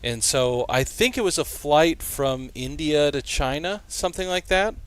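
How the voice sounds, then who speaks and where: A man's voice: a little high, animated, unhurried, smooth. A man co-hosting a sports talk show, telling a story in a rambling way full of "like" and "uh". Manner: rambling, lots of "like" and "uh". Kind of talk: casual storytelling on air.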